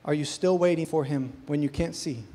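A man's voice: fairly high pitch, a little fast, mellow. A man preaching a sermon at a church service, earnestly pressing his listeners with questions. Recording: long hall reverb.

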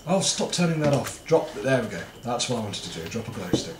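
A man commentates on a horror game at an ordinary pitch, chattering to himself in a jittery, swearing stream. His voice rings a little in an echoey room, with a faint hum of noise behind it. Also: sing-song, brisk. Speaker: gaming video host.

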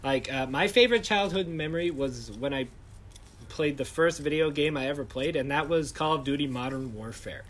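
A young man hosting a podcast, telling jokey, animated stories in casual chat. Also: on the high side, normal speed, slight background noise. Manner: animated, joking storyteller. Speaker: podcast host.

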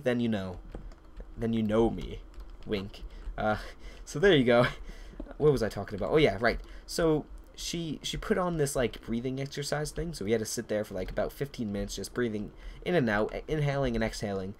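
A man's voice: medium pitch, a little hiss or hum. Rambling, foul-mouthed young man gaming. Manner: rambling, profane, off-topic storytelling. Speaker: gameplay commentator. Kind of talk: casual let's-play commentary.

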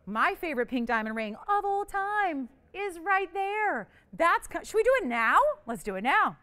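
A woman's voice: very high voice, very animated, moderate pace, sharp tone. A woman hosting a live jewelry shopping auction, bubbly and chatty, teasing her crew as she calls out the bids.

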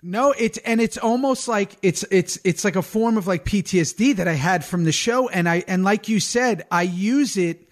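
This podcast host tells stories casually, animatedly performing the quotes of the people involved. He's a man with a high voice, speaking at a moderate pace.

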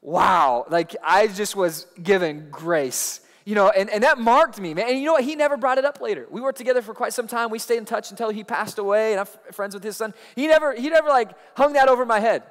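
A man preaching a sermon, telling a personal story in an animated way that rises loud at the tense moments. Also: sits high, fast talker, hardly any pauses. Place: church auditorium. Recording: long hall reverb.

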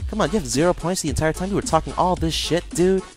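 Young guy trolling someone in game chat, kinda high voice, sarcastic and chill, faint music. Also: fast. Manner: calm, mocking, sarcastic, laughs at opponent. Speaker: gamer and video maker.

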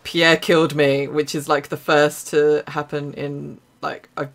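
A young woman with an Essex accent streams herself playing a game, keeping up a loose, chatty running commentary. She reacts quickly with sudden exclamations and laughs in between her remarks. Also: deep voice, little pitch movement, creaky. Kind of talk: live gameplay commentary.

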